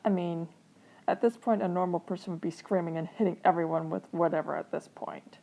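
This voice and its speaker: A woman's voice: fairly low pitch, steady tone, brisk, creaky, mellow. A young woman reading fan fiction aloud as a channel host, breaking off into sarcastic, wry commentary on a home mic. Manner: sarcastic, wry asides, laughs at the text.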